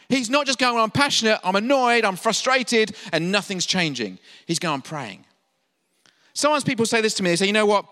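A man from England preaches to his congregation, his voice high and bright. He keeps putting questions to his listeners and acts out the lines he quotes. The sound rings with the long reverb of a church hall. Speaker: pastor. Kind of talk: sermon.

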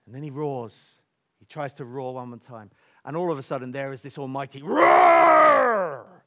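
A man delivers a sermon at medium pitch and a normal speed, telling stories with lively energy. For emphasis, he sinks to soft near-whispers.

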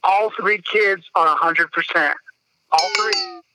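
A man's voice: high voice, slow pace, noisy background. A man, a father and podcast guest, telling a story in a casual, blunt way and swearing freely.

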